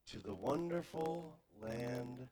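A man's voice: mid-range voice, slow, dark tone, breathy edge. A male pastor preaching a sermon, retelling a familiar film story with wry humorous asides.

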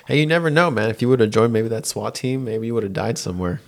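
Fast-talking, encouraging male podcaster. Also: medium pitch, lively intonation, creaky. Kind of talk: casual podcast discussion.

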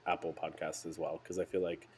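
A man co-hosting a casual podcast, with a somewhat low voice. He is blunt and swears heavily, slipping easily into exasperated rants. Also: flat delivery, a little fast, darkish tone, husky. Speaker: podcast co-host. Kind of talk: casual chat.

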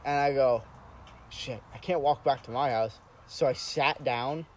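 A man's voice: medium pitch, unhurried, a little hiss or hum, poor audio. Young man telling a wild profane story. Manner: profane, animated storytelling with laughs. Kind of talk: casual chat.

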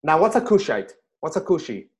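A middle-aged man, a rabbi, chatting casually about scripture and telling stories with lively bursts when he quotes himself. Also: on the high side, a little fast. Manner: animated storyteller, rises sharply when quoting himself. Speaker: rabbi and podcast host. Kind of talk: casual Torah discussion and storytelling.

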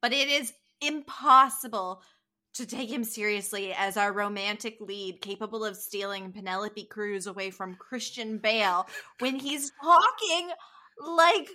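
A woman co-hosting a podcast, chatting about a movie in a playful, animated way as she argues her case. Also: mid-range voice, unhurried. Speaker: podcast co-host. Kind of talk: casual movie-review chat.

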